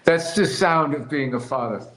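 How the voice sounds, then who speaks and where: A man rambles and jokes through casual podcast banter, his voice bright and forceful with a slightly high pitch. The room around him rings with echo. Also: moderate pace. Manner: rambling, animated, jokey with bursts of laughter. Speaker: podcast co-host.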